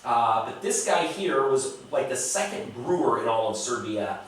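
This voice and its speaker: A man's voice: medium pitch, big pitch swings, moderate pace, far from the mic, slight background noise. American male vlogger, blunt and cussing, casual beer review, very echoey room, a bit off-mic. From United States. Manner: blunt and profane, talks to the viewer.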